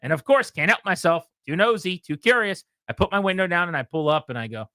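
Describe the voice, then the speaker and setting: A radio host telling a story with a bright, lively voice that climbs high whenever he acts out what people said. He chats casually and plays every part himself. The sound is dry and close. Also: quick pace, dry recording.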